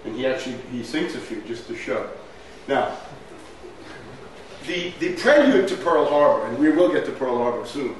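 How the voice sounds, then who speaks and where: A man lecturing, emphatic and fond of rhetorical questions, recorded from far off in a strongly echoing hall. A faint room hum sits under his mid-range voice. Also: on the high side. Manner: emphatic, asks rhetorical questions, says "right?" often. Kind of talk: historical lecture with slides.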